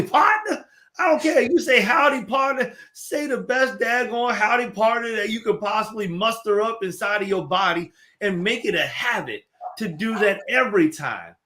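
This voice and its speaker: A man's voice: sits high, animated, normal speed, bright, forceful tone. A man co-hosting a casual chat, speaking in an upbeat, motivational and playful way. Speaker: co-host.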